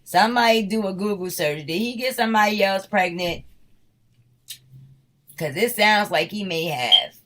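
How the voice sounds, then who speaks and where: A woman's voice: medium pitch, expressive, moderate pace, pauses often, sharp tone, recorded from a distance, poor audio. A woman from Harlem with a New York accent, giving a casual tarot reading in a blunt, slangy, profane way. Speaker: tarot reader.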